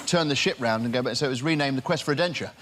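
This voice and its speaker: A man's voice: medium pitch, racing, a bit bright, slight background noise. A man on a comedy panel show, firing off punning one-liners.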